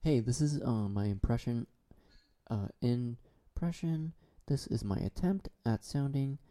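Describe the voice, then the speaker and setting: A man hosting a solo comedy talk show, rambling in a deadpan, absurd way. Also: medium pitch, unhurried.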